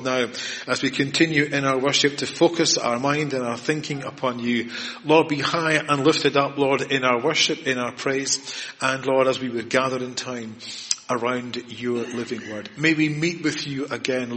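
A man leads the congregation in a spoken prayer, steady and measured, returning to "Lord" at almost every phrase. His voice sits at an ordinary middle pitch. It carries the long reverb of a church hall. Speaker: worship leader.

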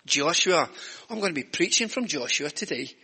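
An older man with a Scottish accent talks to children in a church service, joking at his own expense. His voice sits high and bright, with a husky edge. The sound rings with the long echo of a large church hall. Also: expressive, moderate pace. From Scotland. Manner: chatty and self-mocking, jokes with children. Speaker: church speaker leading the children's talk.

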